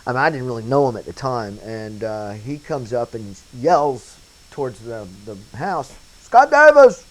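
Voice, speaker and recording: A man recalling a story in a casual documentary interview, telling it with lively anecdotes and acting out the voices he quotes. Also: medium pitch, moderate pace, low-quality recording. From Wilmington, North Carolina area. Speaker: interviewee, former set painter turned bit actor.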